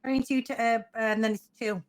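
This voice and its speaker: A woman's voice: on the high side, steady tone, a little fast. A woman playing an officer, walking cadets through their uniforms step by step in a matter-of-fact way, sounding just woken up. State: just woke up. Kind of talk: casual role-play instruction.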